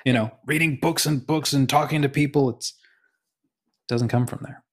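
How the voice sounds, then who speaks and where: Male podcast co-host, mid-pitched, casual storyteller who acts out quotes. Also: fairly even intonation, moderate pace. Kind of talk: casual conversation on faith.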